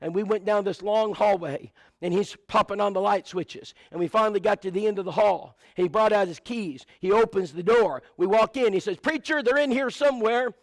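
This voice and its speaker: A man's voice: sits high, brisk, hardly any pauses, dry recording. A man preaching a sermon, telling stories and rattling off lists of supplies with asides to the congregation. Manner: storytelling with many lists and asides.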